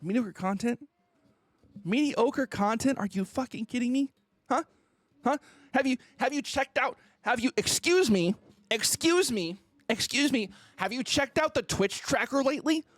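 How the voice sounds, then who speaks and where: A man's voice: extremely high pitch, lively intonation, moderate pace, fairly bright tone, no room sound. A man streamer ranting on a casual livestream, mock-indignant and theatrical, who keeps asking "okay?".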